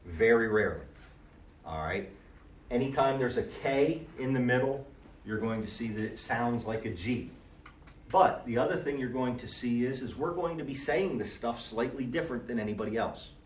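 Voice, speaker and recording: A man teaching a language class in a relaxed way, often checking in with the students by asking "okay?". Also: medium pitch, a little hiss or hum. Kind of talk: classroom lesson. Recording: roomy, distant audio with faint background ambience.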